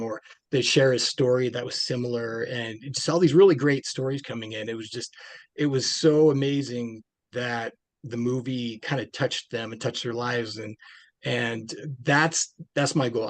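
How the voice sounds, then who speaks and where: A man's voice: medium pitch, dry recording. A man, a film director being interviewed, talking casually and rambling with many restarts and fillers.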